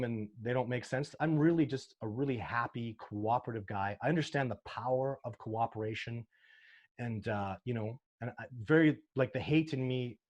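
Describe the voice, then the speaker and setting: A man's voice: medium pitch, darkish tone. A man being interviewed as a sasquatch researcher, talking earnestly and emotionally, with frequent restarts as he tells his stories. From Canada. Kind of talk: casual interview talk.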